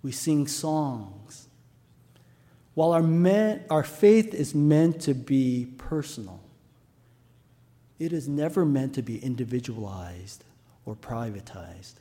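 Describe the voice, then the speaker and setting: A man's voice: medium pitch, lively intonation, takes it slowly, long pauses, dark tone, big-room sound. A male pastor preaching a sermon, telling stories and asking the congregation rhetorical questions.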